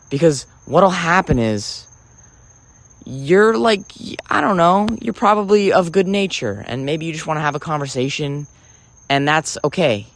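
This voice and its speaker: Man, theatrical, profane, rambling monologue, self-interrupting, lively swooping pitch. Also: moderate pace, dry recording. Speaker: vlogger.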